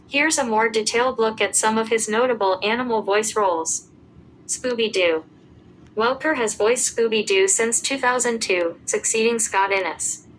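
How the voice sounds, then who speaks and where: A woman giving a scripted narration, reading out lists of names and dates at an even pace. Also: on the high side, slight background noise, poor audio.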